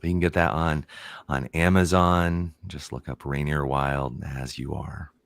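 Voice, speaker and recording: Deep-voiced man, relaxed reflective guest. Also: a little slow, vocal fry, no echo. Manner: reflective, laughs often, many ums and restarts. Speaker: podcast guest, author. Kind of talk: casual podcast interview.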